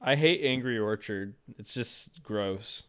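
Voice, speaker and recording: A man's voice: fairly low pitch, animated, slow, smooth. A man co-hosting a casual podcast, jokey and fond of playful voices. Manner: jokey, reads labels in put-on voices. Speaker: podcast co-host. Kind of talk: casual chat.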